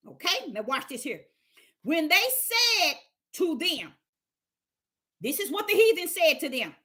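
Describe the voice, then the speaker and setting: A woman's voice: extremely high pitch, sing-song, measured pace, long pauses, pushed and bright. A woman teaching the Bible on a livestream, emphatic and repetitive, firing rhetorical questions at her chat.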